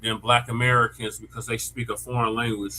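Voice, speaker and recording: A man in a casual panel discussion, matter-of-fact and quick to correct others. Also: medium pitch, flat delivery, pushed and bright, low-quality recording.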